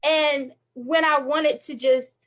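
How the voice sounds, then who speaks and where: High-voiced woman in her thirties, emotional. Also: steady tone, slow, fairly bright tone. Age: 30s. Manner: emotional, confessional, laughs often. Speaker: faith livestream speaker. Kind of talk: candid inspirational talk. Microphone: phone livestream.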